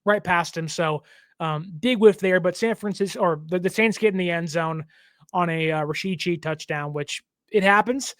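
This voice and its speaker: A man hosting a team show, giving a casual, jokey, animated breakdown of a football game. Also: high-pitched, moderate pace, no room sound, studio quality. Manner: animated, jokey, lots of fillers. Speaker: team podcast host.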